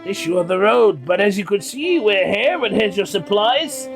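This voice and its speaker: A man's voice: high-pitched, expressive, normal speed, creaky, soft background music. A man voicing a weary but friendly traveling merchant who speaks hesitantly. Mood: mild.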